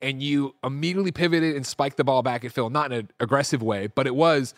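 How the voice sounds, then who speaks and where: A man hosting a casual gaming news show, telling stories with animated, excited swings and swearing freely. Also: mid-range voice, quick pace, hardly any pauses, no room sound, studio quality. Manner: animated storyteller, big excited swings when retelling. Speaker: show host.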